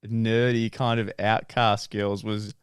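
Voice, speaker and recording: A man's voice: on the low side, slow, clear, resonant tone, no room sound, clean studio sound. A young Australian man co-hosting a podcast, chatting casually and laughing as he tells stories. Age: young adult. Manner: expressive, laughs often. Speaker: podcast co-host. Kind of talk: casual storytelling chat.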